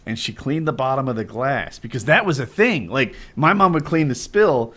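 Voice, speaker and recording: Expressive man with a lively voice. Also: medium pitch, normal speed. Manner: expressive, self-mocking storytelling. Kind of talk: casual storytelling.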